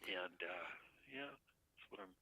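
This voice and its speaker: A man calling in to a late-night show, chatting casually and rambling, often chuckling and trailing off softly. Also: sits low, slow pace, slight background noise. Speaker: caller. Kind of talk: casual call-in chat. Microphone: phone. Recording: tinny phone line.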